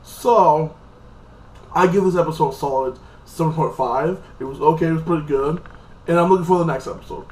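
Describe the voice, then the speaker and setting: A man's voice: a little high, a little fast, a little mellow. Rambling man in an echoey room. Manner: rambling, loose, many fillers and restarts. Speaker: TV episode reviewer. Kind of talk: casual spoken review.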